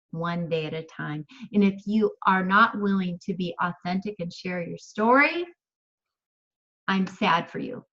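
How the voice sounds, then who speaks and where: A woman's voice: medium pitch, fairly bright tone. Woman in her fifties, motivational coach, emphatic and repetitive, slightly dull call audio. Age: 50s. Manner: emphatic, repeats phrases, laughs often. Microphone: video call.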